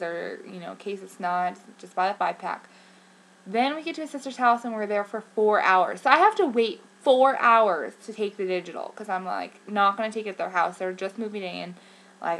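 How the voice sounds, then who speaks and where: A young woman vlogging, telling a story in an excitable, chatty way with lots of fillers and acted-out quotes. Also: mid-range voice, slight background noise. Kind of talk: casual vlog storytelling.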